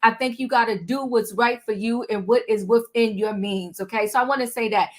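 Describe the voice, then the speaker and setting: A woman's voice: a little high, a little fast. A woman hosting a live chat show, talking in a direct, conversational way and cutting in firmly. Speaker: host.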